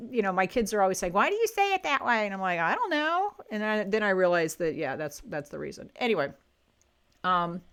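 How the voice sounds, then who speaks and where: A woman's voice: mid-range voice, a bit bright, clear, resonant tone. A woman giving plainspoken, chatty advice to online sellers, talking casually to camera and often correcting herself mid-sentence. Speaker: online selling coach.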